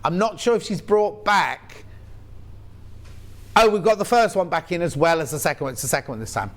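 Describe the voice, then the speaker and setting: A man's voice: a little high, lively intonation, brisk, a bit bright. A man with a Yorkshire accent presenting live on a shopping channel, chatty and playful with jokey asides.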